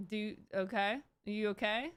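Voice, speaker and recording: A woman in her thirties streaming live, talking casually in a rambling, animated way with many restarts and bursts of exasperation. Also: medium pitch, moderate pace, clear, resonant tone, no echo. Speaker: Twitch streamer hosting her own stream. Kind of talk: casual livestream commentary.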